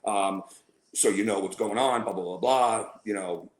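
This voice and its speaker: A man's voice: on the low side, moderate pace. Man telling a rambling story, roomy sound. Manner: rambling, with fillers and acted-out quotes. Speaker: podcast guest. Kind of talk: casual storytelling in a conversation. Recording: roomy, echoey room.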